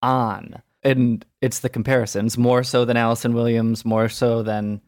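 A man's voice: medium pitch, flat delivery, moderate pace, a little mellow, dry recording, studio quality. A man in casual conversation, articulate and agreeable, often backing up his co-host. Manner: articulate and agreeable, backs up the other speaker. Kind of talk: casual chat about musical theatre.

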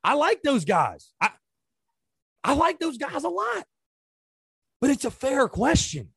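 A man hosts a sports talk show and rants in exasperation, throwing out question after question. His voice sits high and swings widely in pitch as he works himself up. The sound is dry and close, with no room around it. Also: wildly swooping pitch, slow pace, creaky, fairly bright tone, no room sound. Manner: exasperated, ranting with rhetorical questions. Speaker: sports podcast host. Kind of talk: casual sports commentary.

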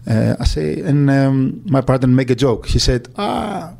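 Soft-toned man recalling. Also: mid-range voice, steady tone, creaky. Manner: halting, searching for words. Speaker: agent. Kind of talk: interview recollection.

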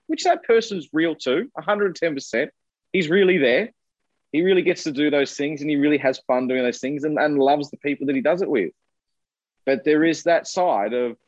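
A man's voice: mid-range voice, dry recording, highs cut off. A man, a musician speaking candidly as an interview guest, open and earnest, with casual swearing. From Australia.

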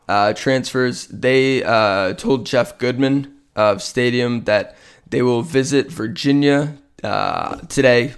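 A man's voice: lowish voice, clear, resonant tone. A man hosting a sports podcast alone, talking casually with lots of fillers and a tired, yawning, self-deprecating ramble. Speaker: podcast host.

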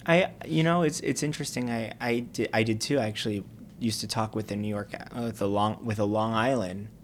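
A man interviewing a guest in a relaxed, chatty way, laughing along easily. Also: lowish voice, fairly quick, slight background noise. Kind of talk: casual conversation.

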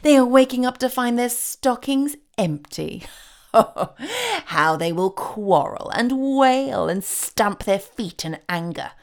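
A woman voicing a sharp-tongued, taunting male demon of malice in a storybook reading, with a gravelly edge. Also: on the high side, sing-song, slow pace, voice pushed up, full character voice. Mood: gloating. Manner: jeering, gloating.

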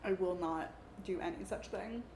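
A woman's voice: lowish voice, moderate pace, reverberant, background noise. A young woman co-hosting a podcast, reacting playfully and enthusiastically in casual chat. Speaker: podcast co-host. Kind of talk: casual chat about a movie.

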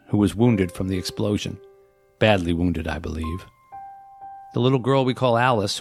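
With a lowish voice, the author, a man, reads his novel's first lines before earnestly laying out its premise at a measured storytelling pace.

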